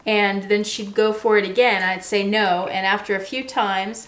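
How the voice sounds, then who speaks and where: A woman talking casually to the camera as a vlogger, relaxed and chatty, explaining things patiently with everyday examples and frequent ums. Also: medium pitch, moderate pace, hardly any pauses.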